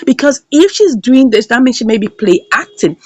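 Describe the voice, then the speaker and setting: A woman's voice: fairly high pitch, very animated, normal speed, slightly rough, no room sound. A woman giving recap commentary on a series, retelling scenes dramatically and acting out the characters' lines. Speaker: series reviewer.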